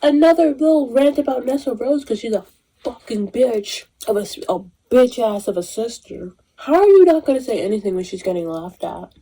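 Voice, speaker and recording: A woman in her twenties giving a casual, animated movie review, emotional and swearing freely. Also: mid-range voice, moderate pace, breathy edge. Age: 20s. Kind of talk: casual chat.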